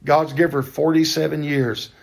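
Fervent older man with gravelly voice. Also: a little high, little pitch movement. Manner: fervent, preacher-like, drawn-out emphasis. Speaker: podcast host. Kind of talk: faith testimony.

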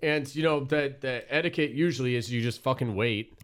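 A man's voice: medium pitch, brisk, a bit bright, smooth. A man telling a rambling, profane story in a casual group chat. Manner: rambling storyteller, swears a lot.

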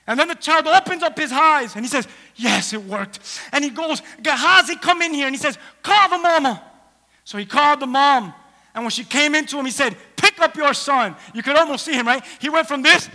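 A man's voice: very high-pitched, sharp tone. A man preaching a sermon, retelling a scripture story with humor and acting out the characters. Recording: long hall reverb.

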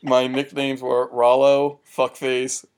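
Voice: medium pitch, level tone, slow pace, a little mellow, smooth. A podcast co-host who talks casually in a rambling way, full of fillers, and tells personal stories. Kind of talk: casual chat.

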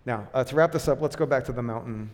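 A man's voice: medium pitch, fast talker, darkish tone, long reverb tail. A man, a pastor, preaching a sermon full of personal stories in a conversational, self-deprecating way with lots of fillers and restarts.

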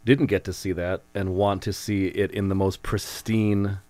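A man's voice: low voice, flat delivery, moderate pace, mellow, no room sound. A man in casual podcast chat, easygoing and reassuring.

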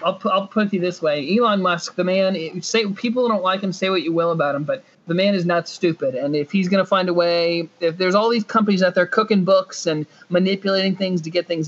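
A man's voice: sits high, a little fast, hardly any pauses. A man co-hosting a podcast, arguing his point insistently in casual chat. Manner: insistent, argumentative. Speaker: podcast co-host. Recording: dull lo-fi podcast audio.

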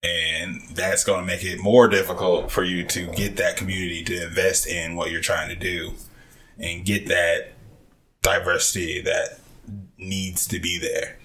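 Deep-voiced laid-back man from Georgia. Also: flat delivery, a little slow, bright, forceful tone. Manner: laid-back, agreeable, chiming in with short affirmations. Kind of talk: casual podcast chat.

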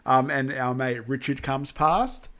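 A man's voice: medium pitch, measured pace, a bit bright. A young man with an everyday mid-range voice recaps a film for a podcast. He rambles from scene to scene, leaning on ums and loose asides as he goes. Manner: rambling, filler-heavy storytelling. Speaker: podcast co-host. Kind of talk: casual film recap chat.

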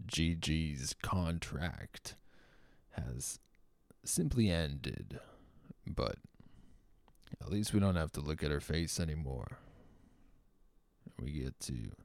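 A man with a very deep, gravelly voice delivers a sarcastic, mocking commentary monologue. He talks slowly, but his pitch swings widely. The sound is dry and close. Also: a little mellow, no echo. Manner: sarcastic, mocking, profane asides. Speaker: political commentator.

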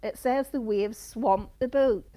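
A woman's voice: a little high, slow pace, dark tone, no echo. A woman giving an informal sermon, reading scripture and then explaining it in an earnest, conversational way full of "you know". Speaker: preacher.

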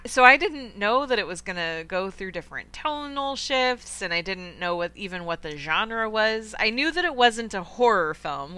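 A young woman hosts a film podcast in a relaxed, chatty way. She is eager and opinionated, with plenty of fillers. Her voice is bright and sits a little low. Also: clean tone. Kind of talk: casual film review chat.

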